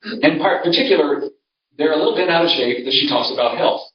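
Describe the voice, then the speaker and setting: Older pastor telling folksy stories. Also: male voice, fairly high pitch, a little fast, a little hiss or hum. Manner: conversational, storytelling, frequent restarts. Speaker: pastor giving a seminar. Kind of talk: folksy seminar talk. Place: church hall. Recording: roomy, distant, dull sound.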